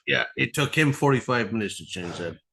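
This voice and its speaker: A man with a mid-pitched voice chats on a podcast as the guest. He tells a rambling story with plenty of swearing and acts out the people in it. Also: animated, fairly quick, vocal fry, a bit bright, a little hiss or hum. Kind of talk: casual storytelling chat.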